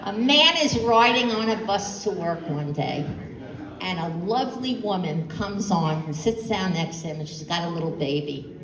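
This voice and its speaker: A woman's voice: fairly low pitch, animated, moderate pace, echoey room, distant mic, a crowd in the background, low-quality recording. A woman telling stand-up jokes one after another, punching up the punchlines. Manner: punchy storytelling, voices raised for punchlines. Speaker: stand-up comedian.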